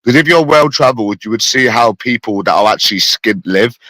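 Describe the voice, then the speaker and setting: A man's voice: mid-range voice, lively intonation, a little fast, sharp tone, no room sound, poor audio. A man with a phlegmy cough, ranting in a repetitive, rambling, profane casual monologue. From London.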